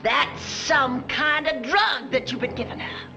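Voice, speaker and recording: A woman's voice: high-pitched, unhurried, vocal fry, soft background music, full character voice. An actress playing an earnest young woman in a film, dramatic and pleading. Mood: accusing. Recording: film clip over loud score.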